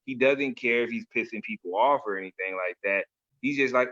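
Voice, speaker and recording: A man's voice: medium pitch, a little fast, highs cut off. A man in casual chat, telling stories with lots of fillers and frequent laughter. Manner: animated storyteller, laughs often, says like and man a lot.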